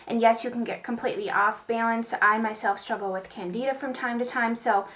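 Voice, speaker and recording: Woman rambling about her haul at home, kinda high voice, lil bit of room noise. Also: steady tone, brisk, fairly bright tone. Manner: chatty, rambling, with fillers and small laughs. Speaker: beauty vlogger. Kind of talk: casual haul video chat.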